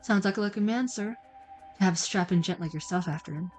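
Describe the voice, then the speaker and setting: A woman's voice: mid-range voice, fast talker, darkish tone, faint music behind, pitched below the performer's own voice, natural voice. A woman voicing a sly drawling old janitor. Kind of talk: reading a video game aloud.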